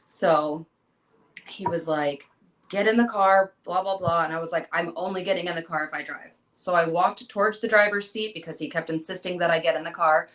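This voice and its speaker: A woman's voice: fairly low pitch, steady tone, fairly quick, fairly bright tone, rough recording. A young woman being interviewed, telling a personal story and acting out the dialogue she quotes. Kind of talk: emotional personal account.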